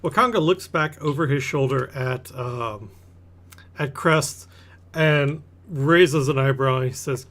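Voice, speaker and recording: A man narrating as game master of a tabletop game, pausing with fillers while he describes. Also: mid-range voice, a bit bright.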